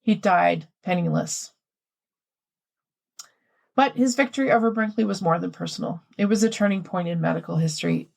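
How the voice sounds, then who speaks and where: A woman's voice: on the low side, normal speed, creaky, long pauses. A woman co-hosting a podcast, reading a prepared history story with asides, then chatting casually. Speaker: podcast co-host.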